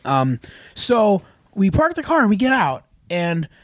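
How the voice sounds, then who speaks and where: A man's voice: high voice, wildly swooping pitch, measured pace. A man co-hosting a podcast, telling a story in casual chat, acting out the people he quotes and often laughing. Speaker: podcast co-host.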